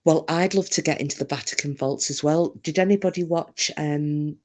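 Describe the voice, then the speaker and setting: Hosting a relaxed livestream, an English woman chats freely and reads out comments from viewers, poking fun at herself. She speaks at normal speed in a low voice with a darkish tone.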